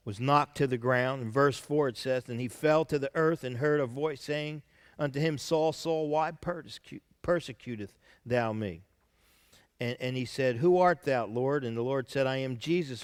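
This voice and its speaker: A man preaching a sermon as senior pastor, reading scripture aloud between his own points and dropping to soft asides. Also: a little high, clear, resonant tone, in a large hall.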